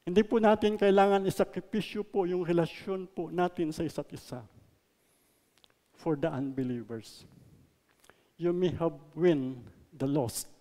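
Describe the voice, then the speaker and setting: A man with a Filipino accent preaching a sermon, mixing English and Tagalog, stressing words loudly and then letting lines trail off softly. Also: on the high side, moderate pace, long reverb tail. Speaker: pastor. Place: church hall.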